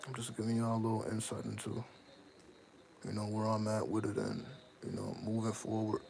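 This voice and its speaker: Low-voiced man, rambling and slangy, a host speaking off the cuff to viewers; gravelly tone, noisy recording. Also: brisk. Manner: rambling, self-interrupting, heavy slang. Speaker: channel host. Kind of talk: casual personal monologue to viewers. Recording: steady audible background noise.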